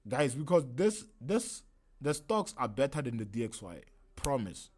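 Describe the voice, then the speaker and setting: A man's voice: mid-range voice, big pitch swings, normal speed, a little mellow. A man casually teaching a trading lesson on a livestream, talking loosely and chattily and often checking in with "right?". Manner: loose and chatty, keeps asking "right?", slangy asides. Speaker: trading instructor streaming a lesson.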